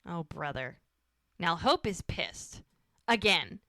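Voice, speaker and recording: A woman co-hosting a podcast, recapping a TV episode in a lively, casual way and acting out the characters' lines. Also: fairly low pitch, slow pace, creaky, no room sound. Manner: animated retelling, acting out quoted lines. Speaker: podcast co-host.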